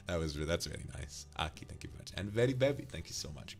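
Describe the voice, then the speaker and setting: A man's voice: extremely low pitch, quick pace, creaky, hardly any pauses, fairly bright tone. A man from the UK, streaming and casually thanking viewers for donations, affectionately calling them darling. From United Kingdom.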